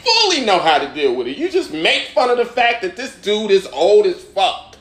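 A man's voice: high voice, moderate pace, roomy sound. A young man, a comedian, telling a story in casual chat and acting out the voices in it. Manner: animated storyteller, acts out voices in his stories. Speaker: comedian and podcast host.

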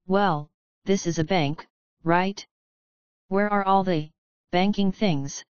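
A woman's voice: fairly low pitch, slow, clean tone, dry recording, highs cut off. A woman voicing a polite, awkward young male wizard who asks hesitant questions.

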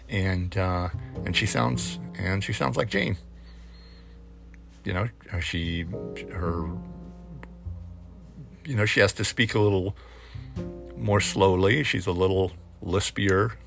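A man speaking in a personal reflective monologue, halting and hesitant with many fillers, candid and casually swearing. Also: sits low.

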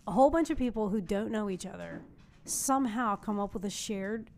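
A woman's voice: medium pitch, brisk, vocal fry, darkish tone, slight background noise. A middle-aged woman co-hosting a podcast, explaining things in a chatty, amused way. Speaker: podcast co-host. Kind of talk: casual conversational chat.

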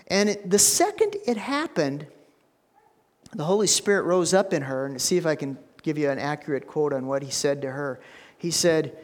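A middle-aged man preaching a sermon as pastor, folksy and repeating his words, rising to loud preaching. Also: on the high side, animated, moderate pace. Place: church sanctuary. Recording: long church hall reverb.

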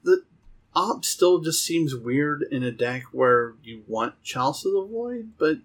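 A man's voice: a little high, big pitch swings, a little slow. A man co-hosting a podcast, talking casually and rambling with plenty of fillers and restarts. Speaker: podcast co-host. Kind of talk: casual chat about card games.

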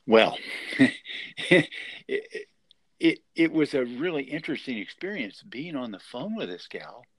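A man's voice: mid-range voice, big pitch swings, unhurried, a bit bright, no room sound. A man in his sixties earnestly telling a personal survival story as an interview guest. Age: 60s. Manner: earnest, emotional retelling.

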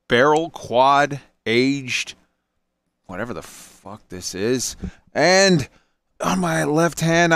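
A man's voice: medium pitch, a bit bright, no room sound. A man hosting a casual podcast, loose and joking as he introduces his guests over drinks. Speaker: podcast host. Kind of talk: casual chat.

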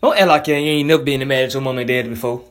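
A man's voice: medium pitch, racing, fairly bright tone. A man delivering a blunt, profane, heated casual monologue as a commentator.

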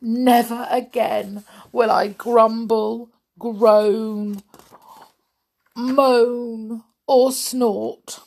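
A woman's voice: on the low side, takes it slowly, exaggerated voice. Woman putting on a grumpy complaining man. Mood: solemn. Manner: gruff, grumbling outbursts.

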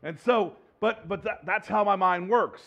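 This man preaches in a relaxed, chatty style, often restarting his sentences and poking fun at himself with the congregation. His voice sits fairly high. The recording is dull and a little muffled. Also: a little slow, creaky. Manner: conversational, rambling with frequent restarts and fillers; self-deprecating, jokes with the congregation. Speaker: pastor. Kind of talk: sermon.

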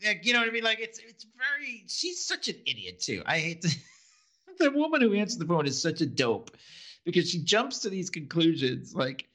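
A man's voice: high voice, big pitch swings, moderate pace, bright, forceful tone. A man co-hosting a podcast, animatedly retelling TV scenes in casual chat and acting out the quotes. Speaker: podcast co-host.

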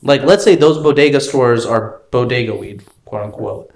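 A man's voice: medium pitch, normal speed, creaky. Guy telling bakery stories in a loose podcast chat, does little voices for people. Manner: animated storyteller, acts out quoted people. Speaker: guest, bakery and edible business owner.

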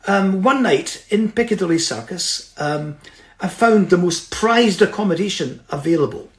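A middle-aged man giving a personal storytelling talk in an earnest, reflective way, checking in with his listeners as he goes. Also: high-pitched. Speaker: speaker. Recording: roomy echo.

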